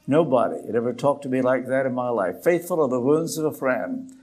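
An older man preaching a sermon in a slow, dramatic way, with emphatic pauses. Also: mid-range voice, animated, a little mellow, husky.

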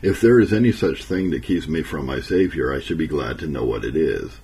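A man voicing a sorrowful, tearful woman who speaks in a soft, trembling, apologetic way. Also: very deep voice, animated, fairly quick, a little hiss or hum. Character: sorrowful, tearful middle-aged woman, gentle and humble.

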